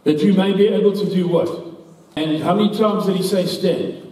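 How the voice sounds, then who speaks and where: A man's voice: high voice, normal speed, warm tone. A man with a South African English accent preaching an earnest, emphatic sermon, quoting scripture at length. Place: church hall. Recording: echoey hall from far off.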